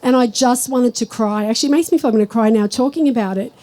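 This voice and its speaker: A woman giving a live spiritual talk to an audience, chatty and storytelling, slowing down when she speaks of God. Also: on the high side, warm tone, rough recording. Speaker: spiritual teacher.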